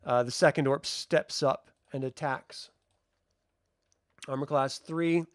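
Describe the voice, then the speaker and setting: A man's voice: mid-range voice, steady tone, slow, clear, resonant tone, no room sound, clean studio sound. A man narrating a tabletop game as game master, casual and chatty.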